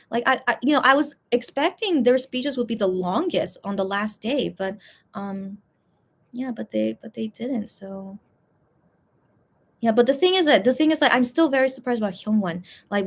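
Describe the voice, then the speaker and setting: A young woman hosting a casual livestream, rambling and hesitant with many fillers, emotional and close to tears. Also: medium pitch. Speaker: livestream host reading fan messages.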